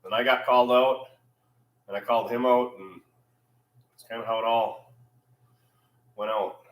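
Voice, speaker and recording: A man's voice: medium pitch, fairly even intonation, normal speed. Easygoing guy rambling on a live stream, voice bounces around a roomy garage. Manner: laid-back, rambling, reads chat aloud. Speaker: channel host. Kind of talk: casual livestream chat. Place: repair shop.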